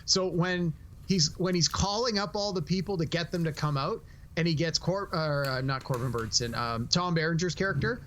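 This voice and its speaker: A man's voice: fairly high pitch, moderate pace, fairly bright tone. A man co-hosting a casual movie review podcast, rambling with many restarts. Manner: rambling, restarts often, acts out quotes in different voices. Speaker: podcast co-host.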